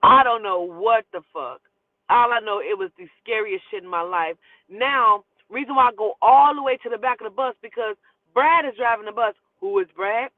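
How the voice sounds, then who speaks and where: A woman telling a personal story in casual, animated, profane speech and acting out the dialogue. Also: a little high, moderate pace, no room sound. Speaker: storyteller host. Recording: dry, phone-like thin sound.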